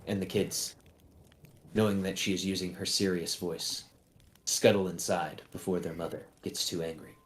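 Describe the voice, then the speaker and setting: A man narrating a tabletop game as game master, relaxed and full of fillers. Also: sits low, moderate pace.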